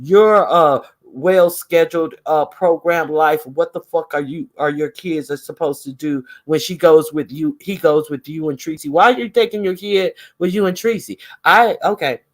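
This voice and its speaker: A man giving casual gossip commentary in a profane, sarcastic, animated way. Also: fairly high pitch, normal speed, hardly any pauses. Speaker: vlogger.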